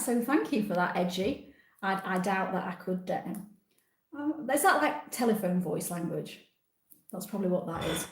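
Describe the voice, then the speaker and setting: A woman in her sixties runs a casual live stream, reading out viewer comments and answering each one in a chatty, self-deprecating way. Her voice sits a little on the high side. The sound carries a noticeable room echo. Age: 60s.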